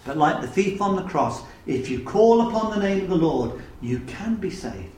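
A man delivers a sermon with earnest emphasis, often turning to his listeners with pointed questions. His voice sits fairly high. The sound carries the echo of a large room. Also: sing-song, moderate pace, darkish tone. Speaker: preacher.

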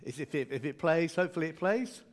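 A man gives a sermon with a fairly high, light voice. He keeps it conversational and humorous, breaking off for asides. His tone stays friendly and unhurried. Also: lively intonation. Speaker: preacher.

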